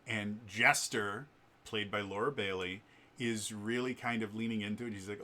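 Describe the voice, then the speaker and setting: Bright-voiced man rambling through a story. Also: on the low side, moderate pace, a little hiss or hum. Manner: animated, rambling retelling with many fillers. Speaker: vlogger. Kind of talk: casual storytelling vlog.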